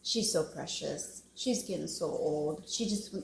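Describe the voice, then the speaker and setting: A woman's voice: deep voice, measured pace, vocal fry, roomy sound. A woman, talking in a casual, emotional, rambling confessional vlog and laughing often. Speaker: wellness vlogger.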